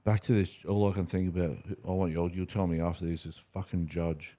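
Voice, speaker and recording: A man's voice: sits low, steady tone, brisk, dark tone. A man hosting a podcast interview, earnest and sympathetic, restarting words when heated. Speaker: podcast host. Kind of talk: interview conversation.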